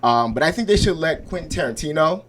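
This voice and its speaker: A man with a high voice does stand-up at an open mic. He talks loosely and conversationally, checking in with the crowd again and again. He is heard on a handheld mic on a small club stage. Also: expressive, quick pace, fairly bright tone, a little hiss or hum. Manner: conversational, asks crowd for agreement. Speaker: stand-up comedian.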